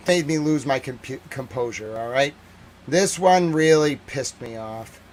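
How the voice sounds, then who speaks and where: A man reporting on a war from a livestream, ranting in exasperation and then reading a measured formal report. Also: medium pitch. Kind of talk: livestream news commentary.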